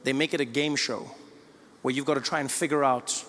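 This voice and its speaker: A man from South Africa with a South African accent, doing stand-up with animated storytelling. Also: medium pitch, brisk, long reverb tail. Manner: animated storytelling, acting out scenes. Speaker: stand-up comedian. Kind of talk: stand-up comedy. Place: comedy stage before an audience.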